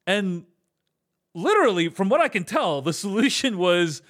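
A man's voice: high-pitched, very animated, normal speed, a bit bright. A man hosting a casual film discussion podcast, talking animatedly and acting out quoted lines. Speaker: podcast host.

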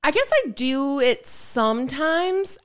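A woman's voice: high-pitched, lively intonation, slow, a bit bright. Giggly woman co-host reading messages. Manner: giggly, reads messages aloud then riffs on them. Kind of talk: casual podcast chat.

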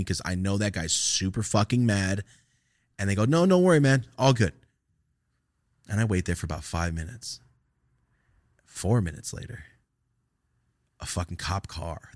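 A man's voice: low-pitched, no echo, studio quality. A young man hosting a casual podcast, telling a profane story and acting out the voices of the people in it.

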